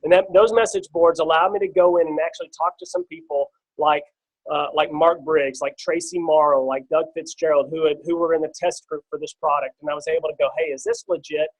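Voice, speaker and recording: Brief: middle-aged man, slightly high voice, casual rambling testimony on a team call. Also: steady tone, fairly quick, low-quality recording. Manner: casual and storytelling, with many fillers and restarts. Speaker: guest speaker on a team call. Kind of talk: personal testimony on a conference call.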